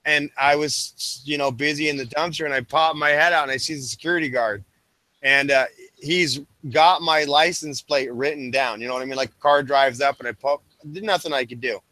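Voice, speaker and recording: A man with a bright, forceful voice pitched a little high chats casually as a stream host. He rambles through a story with many fillers and restarts. The sound is dry and close. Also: steady tone, a little fast, no room sound.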